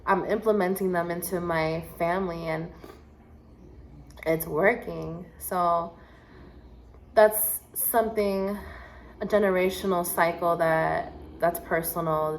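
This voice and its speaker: A woman's voice: fairly low pitch, slight background noise, poor audio. A young adult woman mentoring children, hosting a casual personal monologue, speaking candidly and animatedly with casual swearing. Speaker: podcast host and youth mentor.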